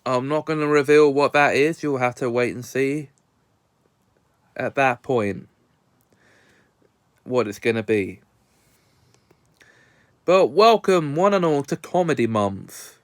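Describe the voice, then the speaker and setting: A British man reviewing a film in a casual, relaxed, unhurried way. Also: mid-range voice, no room sound, studio quality. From Britain.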